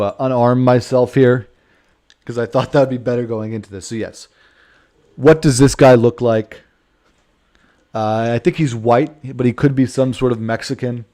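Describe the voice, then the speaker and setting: A man with a mellow, medium-pitched voice streams a video game, rambling and joking in casual let's-play commentary, swearing freely and calling people "man."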